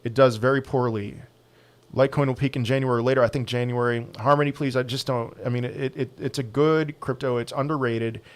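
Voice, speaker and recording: Host type: blunt American guy, rapid-fire Q&A answers, mid-pitch, gets animated on sports. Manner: blunt, quick opinions, animated and louder on sports. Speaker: crypto channel host answering viewer questions. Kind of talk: casual live Q&A.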